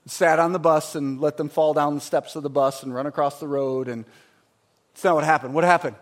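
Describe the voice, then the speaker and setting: A man preaching a sermon in a church, emphatic, moving between loud bursts and hushed stretches. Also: fairly high pitch, a little fast. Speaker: pastor.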